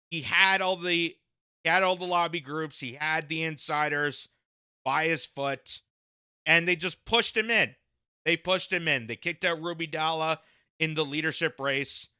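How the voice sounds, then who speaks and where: A man's voice: on the high side, pushed and bright, clear, resonant tone, no echo, studio quality. A man reads news excerpts aloud and breaks in with combative political commentary, often repeating phrases for emphasis.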